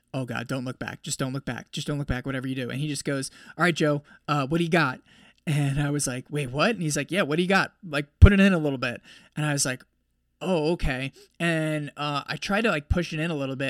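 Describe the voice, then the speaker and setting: A man's voice: on the high side, no echo, clean studio sound. A young man casually retelling his ultramarathon finish as a podcast host, with lots of "like" and quoted dialogue. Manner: animated, heavy use of "like". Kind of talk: casual storytelling recap.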